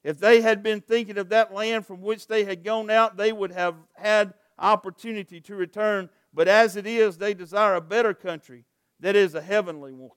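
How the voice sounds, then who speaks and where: A middle-aged pastor preaches a sermon, reading scripture, adding light jokes, and building with rising intensity to earnest urgency. His voice is high-pitched, smooth and steady at a moderate pace, captured as a dry, clean studio recording.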